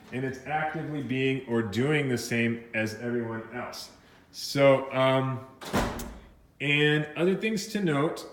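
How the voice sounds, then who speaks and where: A fairly bright, mid-range male voice leads a recorded English vocabulary lesson in an echoey room. He explains at a slow pace, restarting often, using many fillers and sometimes switching to Spanish words.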